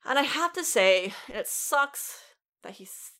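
A woman co-hosting a podcast, recapping a TV show in casual, animated chat, swearing freely and laughing often. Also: high-pitched, slow. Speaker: podcast co-host.

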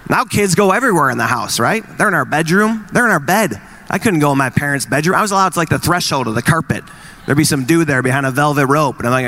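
A married man in his forties doing stand-up comedy, teasing the crowd and acting out quick exchanges in wry bits. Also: a little high, expressive, sharp tone. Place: live venue with an audience.

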